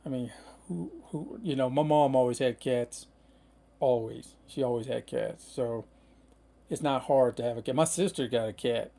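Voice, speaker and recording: A man's voice: mid-range voice, moderate pace, creaky, mellow. A middle-aged man hosting a casual livestream, rambling in a laid-back way with lots of fillers. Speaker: van-life livestream host.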